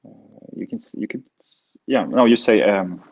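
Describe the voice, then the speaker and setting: A man's voice: lowish voice, lively intonation, normal speed, gravelly, breathy edge. A man practicing as a student in a language lesson, hesitant and searching for words. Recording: dull lo-fi recording.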